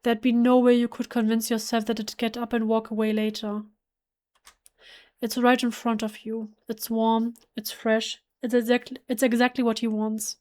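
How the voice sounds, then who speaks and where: A German-native woman reads horror game narration aloud, hushed and emotional, often stumbling and restarting mid-word. Her voice sits fairly high but moves little in pitch. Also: little pitch movement, moderate pace. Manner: emotional, hushed, with self-corrections. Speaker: let's play gamer. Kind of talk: reading game text aloud.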